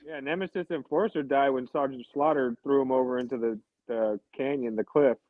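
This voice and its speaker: A man's voice: mid-range voice, fairly even intonation, fairly quick, no echo, narrow, tinny audio. A man co-hosting a casual chat, telling easygoing nostalgic stories. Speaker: co-host.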